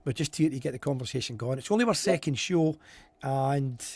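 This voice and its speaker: A man's voice: mid-range voice, animated, a little fast, a little mellow, husky, no echo. A man co-hosting a live stream, chatting casually, repeating himself and reading out viewer comments. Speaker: podcast co-host.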